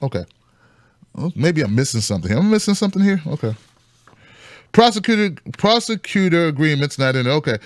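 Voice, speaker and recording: A fairly high-voiced man riffs on the news as a show host, swinging from sarcastic squeaks to low mutters. His voice sits close and dry, with no room sound around it. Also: very animated, fairly quick, no echo. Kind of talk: casual commentary on news.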